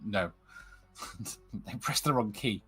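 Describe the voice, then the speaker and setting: A man's voice: on the low side, animated, slow, music in the background. A young man joining a casual chat as a guest, dry in tone and laughing off complaints. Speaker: guest filling in.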